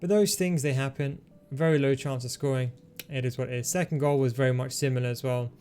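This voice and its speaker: A man hosting a gaming tutorial, talking through his moves in a relaxed, coaching way as he plays. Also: mid-range voice, brisk, soft background music. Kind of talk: commentary over gameplay.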